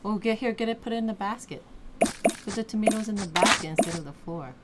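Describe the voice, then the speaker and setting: Over loud background noise, a young woman coaches her child through a game in casual chat, cheering her on with encouragement and exclamations. She speaks fast at a medium pitch.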